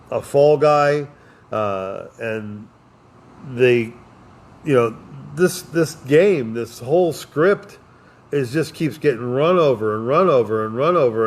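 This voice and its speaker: A man hosting a podcast who talks in a loose, rambling way, mixing big ideas about history and love with jokes and lots of fillers. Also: medium pitch. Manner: philosophical, joking, with many fillers. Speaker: podcast host. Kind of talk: casual rambling talk.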